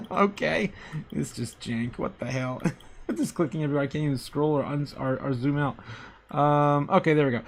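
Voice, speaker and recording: Chuckling man hosting a crypto stream. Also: on the high side. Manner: chuckles often, greets chat by name, repeats phrases. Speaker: crypto livestream host. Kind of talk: casual live chat and chart commentary.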